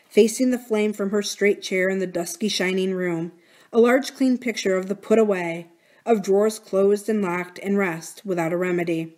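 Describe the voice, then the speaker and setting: A woman's voice: mid-range voice, darkish tone. Woman reading a classic novel aloud. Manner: measured, deliberate literary narration. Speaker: library reader.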